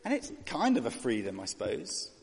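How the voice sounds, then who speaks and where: A man delivers a sermon in a chatty, questioning way, slipping into mock voices for the people in his story. His voice is a little husky and swings lively in pitch. It carries a long reverb from a big hall. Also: a little fast. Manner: conversational, rhetorical questions, voices characters mockingly. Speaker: preacher.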